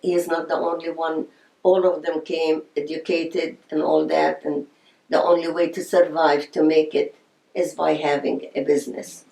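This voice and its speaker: A woman's voice: deep voice, little pitch movement, normal speed, vocal fry, warm tone. Older woman recalling her life, echoey room. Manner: reminiscing, storytelling with quoted voices. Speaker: interviewee. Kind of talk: oral history interview.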